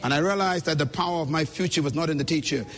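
A man's voice: fairly high pitch, fast talker, fairly bright tone. A man giving an emphatic, preacher-like motivational speech at a conference, speaking directly to the audience, recorded in a reverberant hall.

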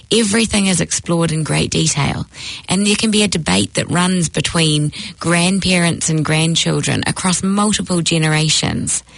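A woman teaching a lesson, telling a joke with earnest, animated delivery. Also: fairly low pitch, vocal fry, no echo, low-quality recording. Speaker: teacher of Jewish texts. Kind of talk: storytelling lecture.

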